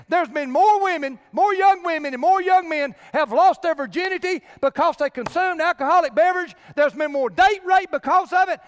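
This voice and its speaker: A man's voice: very high voice, in a large hall. A male pastor preaching a sermon with emphatic direct appeals to his congregation.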